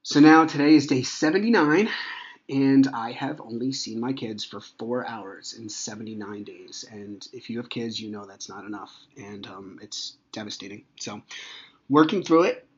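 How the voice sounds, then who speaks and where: Husky-voiced man rambling on a podcast. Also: mid-range voice, moderate pace, dull audio. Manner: rambling, conversational, many fillers. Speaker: podcast host. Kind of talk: personal monologue, casual.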